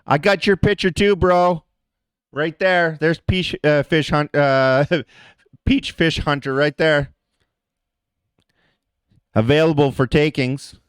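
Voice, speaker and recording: A man's voice: a little high, fairly even intonation, slow pace, pauses often, smooth, no room sound. A man hosting a livestream, ranting in a heated, profane way and talking straight to his chat viewers. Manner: addresses chat viewers directly. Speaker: livestream host. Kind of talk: livestream rant.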